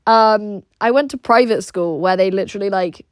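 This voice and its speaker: A woman's voice: medium pitch, normal speed, clear, resonant tone, no echo, studio quality. A woman from Russia with an English accent, chatting casually on a livestream and reacting to viewer messages in a blunt, crude, rambling way full of "like".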